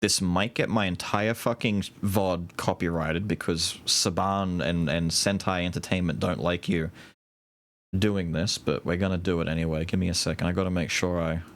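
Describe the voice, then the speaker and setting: In his thirties, this man streams a video game with a deep, steady voice at normal speed. He chats casually and swears freely throughout his gaming commentary.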